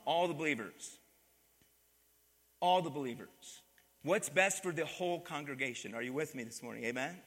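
A man's voice: on the high side, moderate pace, long pauses, fairly bright tone, long reverb tail. A man preaching a sermon as pastor, calling on the congregation to answer back and repeat his words. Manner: call-and-response preaching, asks the congregation to repeat. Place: church sanctuary.

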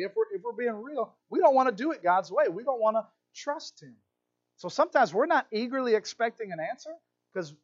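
In a muffled recording, a high-pitched male pastor delivers a sermon full of animated storytelling, playing out little character voices as he goes.

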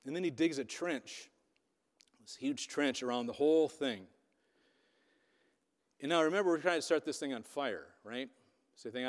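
A man's voice: medium pitch, normal speed, pauses often. Man preaching in a reverberant hall. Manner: animated storytelling, voicing quotes with sarcasm. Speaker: pastor. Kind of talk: sermon.

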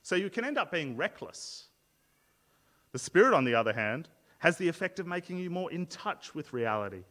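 A male pastor delivers a sermon in a fairly high voice, explaining his points earnestly and often doubling back on words mid-sentence. The sound rings with the long reverb of a large church hall. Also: sing-song, moderate pace, bright, forceful tone. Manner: earnest, explanatory, frequent word repeats and restarts.

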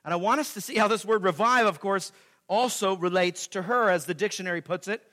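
A man preaching a sermon as pastor, swinging between loud emphatic peaks and quiet asides, repeating key phrases. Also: brisk. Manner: dramatic swings in pitch and loudness, emphatic repetition.

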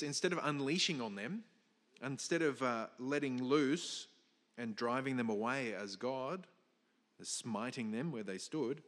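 A man at a mid pitch delivers a sermon, explaining his text step by step and leaning hard on key words. His voice carries a long hall reverb. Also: fairly bright tone. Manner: explanatory, emphatic, with restarts and fillers. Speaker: pastor.

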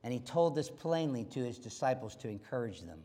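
A man preaching a sermon, stressing lines by repeating them, and swinging from loud to hushed. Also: mid-range voice, very animated, fairly quick. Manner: emphatic, repeating key phrases, swinging between loud and quiet.

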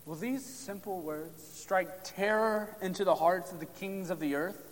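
A man delivers a sermon in a fairly high voice. He preaches with emphasis, then drops to near-whispers to drive a point home. His words ring out in a long reverberant hall. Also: measured pace. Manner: emphatic, drops to hushed tones for stress.

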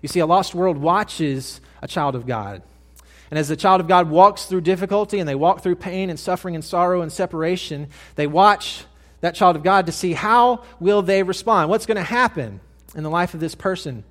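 Earnest preacher man, high voice. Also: moderate pace. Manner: earnest preaching, swings from soft and hushed to loud emphatic. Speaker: pastor. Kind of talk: sermon.

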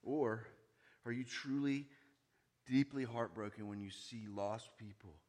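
A man preaching a sermon, moving from hushed, quiet lines to loud, raised ones and asking his listeners many questions. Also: mid-range voice, unhurried. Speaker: pastor.

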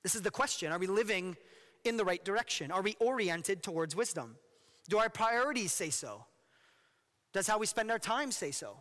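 A male pastor giving an animated, jokey sermon, often asking his listeners questions. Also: sits high, normal speed, in a large hall.

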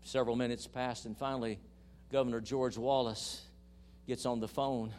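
A man preaching a sermon in church, telling a story and rising into loud, emphatic praise while calling the congregation to respond. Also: medium pitch, level tone, moderate pace, slight background noise.

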